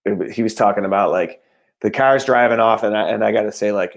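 Low gravelly man, rambling. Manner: rambling, halting, searches for words. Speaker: actor and podcast guest. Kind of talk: casual comedic chat.

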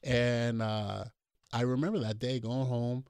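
Animated middle-aged male storyteller, dry sound. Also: mid-range voice, normal speed, no echo. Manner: animated storyteller acting out quoted dialogue. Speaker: doctor guest. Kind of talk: storytelling on a call-in show.

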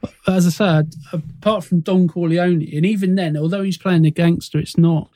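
A man with a fairly high but mellow voice, co-hosting a casual film podcast. He speaks in a measured, hesitant way and often restarts his sentences. The sound is dry and close. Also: fairly even intonation, no room sound. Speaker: podcast co-host.

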